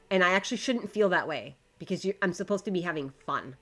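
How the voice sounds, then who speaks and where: A woman's voice: fairly low pitch, lively intonation, quick pace. A woman streaming live, chatting casually to her viewers and to the game while she builds, swearing when it frustrates her.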